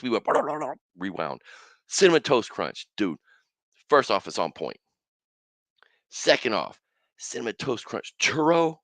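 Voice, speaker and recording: A middle-aged man hosting a casual solo podcast, animated and slangy, with bursts of loud excitement. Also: medium pitch, dry recording. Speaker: podcast host.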